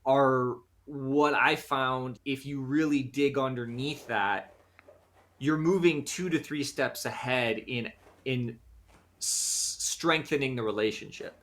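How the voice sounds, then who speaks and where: An American man, a guest in an interview, explaining his ideas in an animated way and often acting out quoted voices. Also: medium pitch, slow pace. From United States. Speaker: guest, conflict resolution practitioner. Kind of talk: conversational interview.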